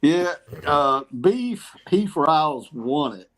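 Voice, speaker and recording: Slow laid-back competition pitmaster. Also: male voice, a little high, animated, fairly bright tone. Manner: laid-back, halting, repeats words. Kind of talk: casual call-in chat.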